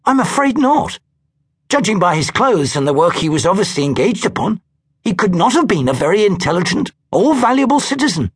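A man's voice: sits high, big pitch swings, fairly quick, slightly rough, voice pushed up, exaggerated voice. A man voicing a haughty alien scout. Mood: condescending.

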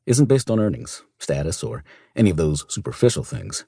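A man narrating a first-person audiobook in a smooth, measured storytelling manner. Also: low-pitched, sing-song, mellow, no room sound, clean studio sound.

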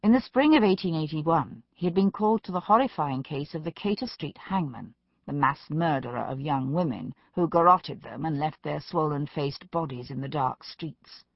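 A woman narrating an audiobook in a measured storytelling manner. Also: low voice, animated, creaky, no room sound, muffled recording. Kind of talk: scripted narration.

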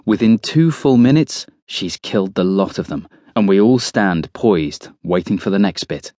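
A man narrating a horror audiobook in the first person, measured and tense. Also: deep voice, expressive, dark tone, no echo, clean studio sound.

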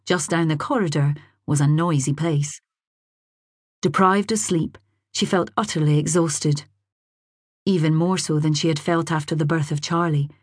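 A woman narrating a novel in a measured, drily wry storytelling manner, recorded close on a studio mic. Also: low-pitched, darkish tone, slightly rough, no echo. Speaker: audiobook narrator. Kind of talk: scripted narration. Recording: dry booth.

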